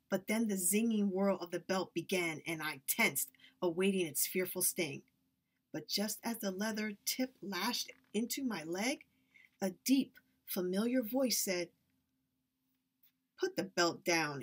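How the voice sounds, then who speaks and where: A woman reading a story aloud with expressive, lively narration. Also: mid-range voice, slightly rough. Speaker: reader.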